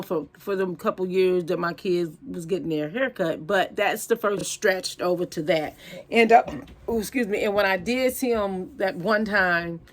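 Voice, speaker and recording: A woman telling a casual storytime to her viewers, blunt, profane and animated. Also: medium pitch.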